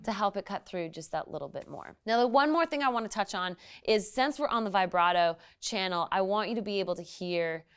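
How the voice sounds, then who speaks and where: A woman giving a relaxed, friendly guitar lesson as a guest instructor, explaining amp settings step by step. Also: mid-range voice, brisk, hardly any pauses. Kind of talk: casual guitar lesson demo. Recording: loud guitar music between lines.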